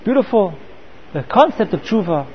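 A man's voice: high voice, very animated, moderate pace, muffled recording. A man teaching a Torah class, often repeating words and mixing in Hebrew terms.

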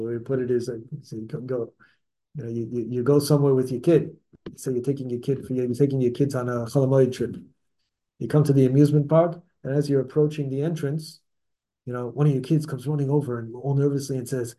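A man's voice: fairly high pitch, normal speed, warm tone. A man teaching a Torah class to a small group, talking conversationally, correcting himself mid-sentence and putting questions to his listeners. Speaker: religious teacher.

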